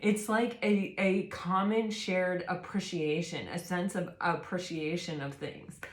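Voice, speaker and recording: A woman giving a casual tarot reading to her viewers, gushing and excitable, full of fillers and exclamations. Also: on the low side, a little slow, echoey room. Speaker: tarot reader.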